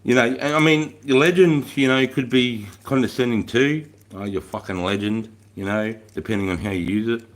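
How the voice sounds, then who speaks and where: Speaking at medium pitch and a little fast, a middle-aged man runs a livestream in relaxed conversation. He reads out viewer comments with plenty of swearing, rambling, and frequent laughter.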